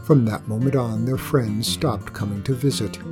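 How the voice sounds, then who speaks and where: A man narrating a folk tale in a slow, expressive read-aloud manner. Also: mid-range voice, over music. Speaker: storyteller. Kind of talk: scripted storybook narration.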